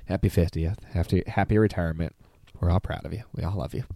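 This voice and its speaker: A young man in his twenties giving a halting, heartfelt message to his father, near tears and cursing casually. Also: low voice, fairly even intonation, vocal fry, mellow, no echo, studio quality. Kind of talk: personal spoken message.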